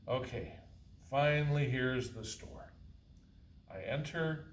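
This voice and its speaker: A man's voice: fairly low pitch, a little slow. A man reading his own first-person novel aloud at a college faculty reading, with a dry, wry delivery. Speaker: author reading his fiction. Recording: roomy, distant, faint hiss.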